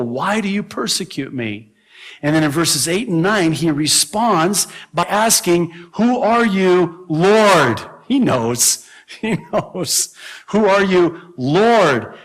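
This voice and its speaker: A man pastor teaching a verse-by-verse Bible sermon, animated, with sudden emphatic rises and chuckles at his own asides. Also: medium pitch.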